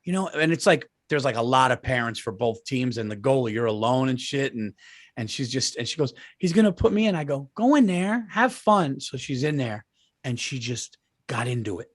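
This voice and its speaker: A male comedian co-hosting a podcast, with a voice in the middle of the range for a man. He tells family stories with energy and jumps up in pitch whenever he quotes someone. The sound is dry and close, from a studio mic in a deadened room. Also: brisk, dry recording. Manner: animated storyteller who acts out quoted voices in a raised pitch; swears freely. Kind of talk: casual podcast chat.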